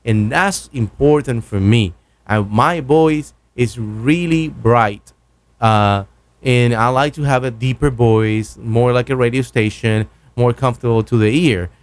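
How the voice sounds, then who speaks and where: A man's voice: medium pitch, a little slow. A man casually reviewing microphones from his home studio, rambling and correcting himself as he goes, speaking close into a broadcast mic. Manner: rambling, self-correcting, enthusiastic. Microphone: broadcast dynamic mic, close.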